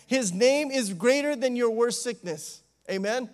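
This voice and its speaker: A man, an associate pastor, preaching a sermon in a conversational, animated way, with frequent asides and calls of amen. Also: extremely high pitch, measured pace, clean tone. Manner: animated, acts out the disciples' pleading.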